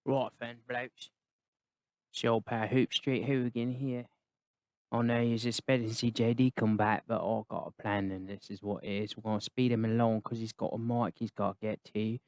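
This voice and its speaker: A man's voice: medium pitch, flat delivery, normal speed, darkish tone, no room sound, voice pushed down, natural voice. A man voicing a cheeky, rambling adult British fixer in a put-on British accent, dropping slang tags as he chatters. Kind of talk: comedic character review.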